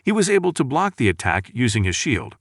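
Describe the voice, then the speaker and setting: A man's voice: mid-range voice, a little fast, no echo, clean studio sound. A man narrating a comic story recap in a plain, repetitive storytelling manner. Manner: flat storytelling, repetitive phrasing.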